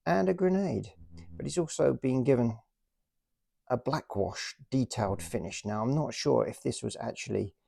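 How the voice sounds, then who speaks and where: A man's voice: on the low side, creaky, warm tone, breathy edge, no echo, studio quality. A man hosting a casual show-and-tell about his toy collection, chatty and self-deprecating.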